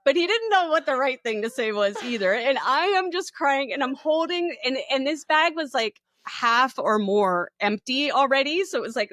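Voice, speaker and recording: A woman podcast co-host telling a personal story in casual chat, animated and laughing as she acts out what people said. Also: sits high, no room sound, studio quality.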